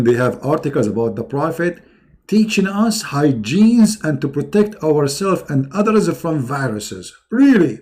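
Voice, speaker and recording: Sarcastic man hosting a livestream. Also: on the high side. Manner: mocking, sarcastic, animated. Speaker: livestream host. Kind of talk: casual livestream commentary.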